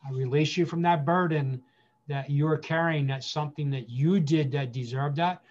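A man speaking as a guest pastor, giving earnest counsel with emphatic repetition, slowing down to stress key phrases. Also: on the high side, a little mellow, muffled recording.

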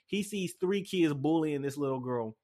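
Young man, podcast host, casual rambling chat, slightly high voice, lots of fillers. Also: lively intonation, moderate pace, warm tone. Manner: rambling storytelling with many fillers and restarts.

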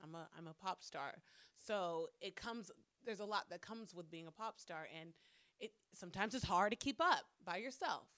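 Speaking at a normal speed, a woman with a lowish, somewhat bright and expressive voice runs her own podcast solo. She vents bluntly and swears a lot, and a camera mic records her.

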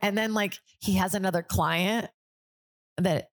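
A woman's voice: mid-range voice, steady tone, a little slow, dry recording. A woman comedian hosting a casual podcast chat, rambling with lots of fillers, swearing and laughing often.

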